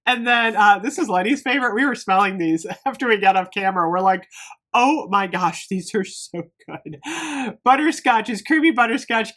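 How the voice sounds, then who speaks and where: Excitable woman doing an unboxing vlog, gushes a lot, talks right to viewers. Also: mid-range voice. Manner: gushing and excitable, often addressing viewers as "you guys". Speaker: YouTube host reviewing candles.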